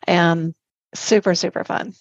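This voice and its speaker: A woman guest, a life coach and dance instructor, telling a personal story in an animated way, laughing often and rushing through lists. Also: fairly low pitch, no room sound, muffled recording. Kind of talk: personal storytelling in a podcast interview.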